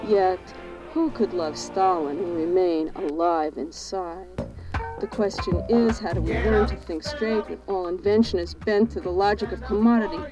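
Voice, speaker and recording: A woman's voice: medium pitch, a little slow, dark tone, poor audio. A woman performing spoken-word poetry, declaiming in a rhythmic, chanting cadence through long lists. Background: music.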